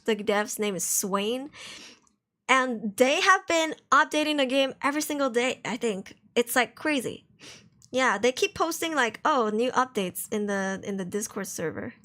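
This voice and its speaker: A woman's voice: fairly high pitch, lively intonation, unhurried, sharp tone. A woman streaming live, chatting casually and rambling to her viewers. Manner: chatty, rambling, reacts to chat with mock outrage.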